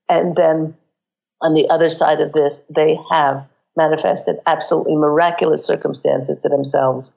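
A woman with a croaky voice giving psychic readings on a call-in radio show, earnestly guiding listeners through exercises. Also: deep voice, dark tone, lo-fi sound.

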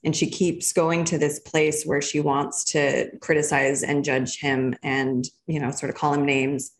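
A woman guest speaks in an interview with a fairly low voice. She is reflective and explains her ideas patiently through examples. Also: little pitch movement, a little slow, a little hiss or hum. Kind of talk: casual interview conversation.

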